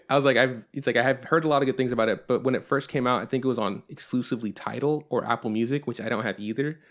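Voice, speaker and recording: Young male podcast co-host, loose and rambling, swears freely, middle-pitched voice. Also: fast. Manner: rambling and profane, with frequent fillers. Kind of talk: casual chat.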